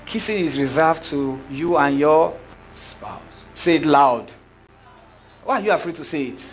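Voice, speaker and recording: Give me a middle-aged male pastor preaching with lively questions over faint music. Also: on the high side, moderate pace. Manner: animated preacher, asks the congregation questions, acts out voices. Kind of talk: sermon.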